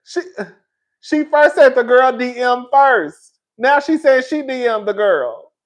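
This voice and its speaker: Gossipy man, animated commentary. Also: extremely high pitch, takes it slowly. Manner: animated and gossipy, laughing between lines, calls his viewers "girl". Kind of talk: reaction commentary.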